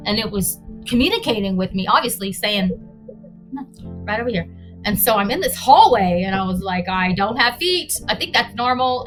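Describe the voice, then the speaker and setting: A woman guest telling a personal story in a rambling way, searching for words and acting out her own reactions. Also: mid-range voice. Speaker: interview guest.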